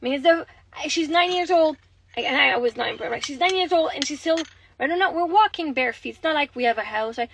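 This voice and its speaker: High-voiced Québécois woman chatting candidly. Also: animated, a little fast, a bit bright, a little hiss or hum, poor audio. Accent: Québécois French. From Quebec, Canada. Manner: candid, rambling, swears freely. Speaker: livestreaming mother. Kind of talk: casual livestream chat.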